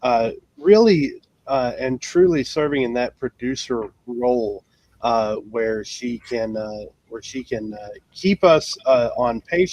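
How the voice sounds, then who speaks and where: A man's voice: mid-range voice, a little mellow. A man hosting a casual live racing talk show, with many fillers and restarts. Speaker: podcast host.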